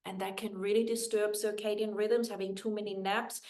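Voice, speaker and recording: A woman guest on an interview, earnestly explaining sleep habits, her phrases often trailing off softly. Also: mid-range voice, level tone, fairly quick, few pauses.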